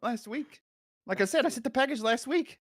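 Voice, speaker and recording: A man's voice: very high-pitched, lively intonation, a little fast, a bit bright, husky, no room sound, clean studio sound, exaggerated voice. A man playing an eccentric, morbid 84-year-old male caller with a wavering put-on accent, in an improvised comedy bit. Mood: deadpan. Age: 80s. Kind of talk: improvised comedy role-play.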